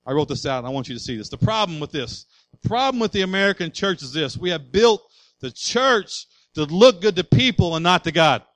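Male pastor, passionate sermon delivery, slightly high-pitched, builds to loud declarations. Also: big pitch swings, fairly quick, dry recording, poor audio.

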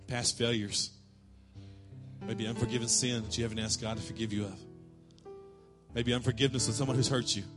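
A male pastor preaching a sermon in church, telling a lively story and calling out cheers in a raised voice. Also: fairly low pitch. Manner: animated storytelling, shouting quoted cheers.

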